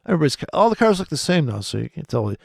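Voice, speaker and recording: A man's voice: on the high side, big pitch swings, rapid-fire, vocal fry, no room sound, clean studio sound. A man giving rambling, profane, sardonic commentary over trading charts, muttering asides and often laughing to himself. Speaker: trading video host.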